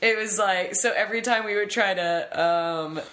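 A woman hosting a podcast, chatting casually and telling animated stories, mimicking voices as she goes. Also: medium pitch, normal speed, a little hiss or hum. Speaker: podcast host. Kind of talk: casual chat.

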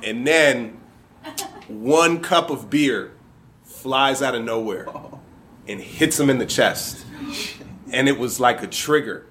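A man's voice: medium pitch, a bit bright, slight background noise. A man from Michigan telling a personal story live, in a conversational, amused way with casual swearing.

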